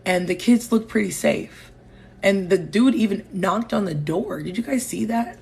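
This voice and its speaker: A woman from Connecticut with a local accent, hosting a live stream on her phone and talking in an animated, opinionated, chatty way with her viewers. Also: medium pitch, normal speed, creaky, slightly rough. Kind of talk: casual live-stream talk.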